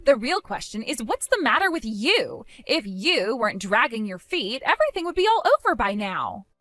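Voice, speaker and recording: A woman's voice: fairly high pitch, sing-song, normal speed, sharp tone, dry recording, soft background music. A woman voicing a greedy, entitled young sister-in-law with a whiny, sing-song, demanding manner in a voiced story drama. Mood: defiant.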